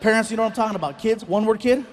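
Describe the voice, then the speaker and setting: A middle-aged man performing a stand-up comedy routine, telling a story with animated delivery and acting out the voices. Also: high voice, rapid-fire.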